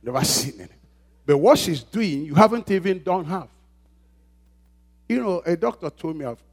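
A pastor preaches a sermon with emphasis, repeating phrases and calling out questions for the congregation to answer in call-and-response. His voice sits high and is expressive, at normal speed with frequent pauses.

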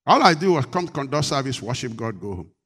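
A middle-aged man preaching a sermon, moving from quiet talk to loud rebuke. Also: mid-range voice, sing-song, fairly quick, slightly rough. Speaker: pastor.

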